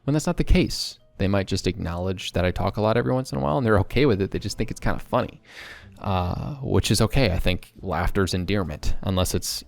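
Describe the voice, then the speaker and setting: A young man talking candidly to camera in a rambling, excitable vlog monologue. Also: low-pitched, gravelly. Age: young adult. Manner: excitable, rambling, quick bursts. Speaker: vlogger.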